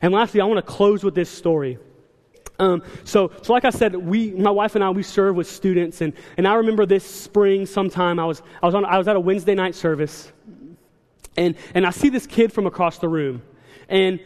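A young man preaching a sermon in a church, telling stories with quick, animated asides. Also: high voice. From South Carolina. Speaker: church speaker. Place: large church hall. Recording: long hall reverb.

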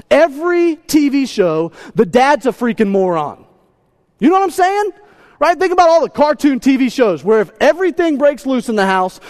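High-voiced animated male pastor. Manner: animated, self-deprecating, repeats words. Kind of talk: sermon storytelling.

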